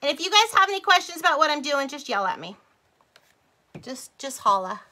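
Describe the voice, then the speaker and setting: A woman's voice: sits high, big pitch swings, brisk, sharp tone. A middle-aged woman chatting casually with livestream viewers while she crafts, rambling, laughing and drifting off topic. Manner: talks to viewers as "you guys" and "y'all".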